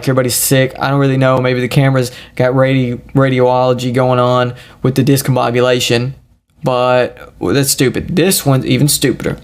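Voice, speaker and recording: A man talks through a solo podcast in a crude, profane, rambling rant. His voice sits at an ordinary pitch, with a gravelly rasp running through it. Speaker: podcast host.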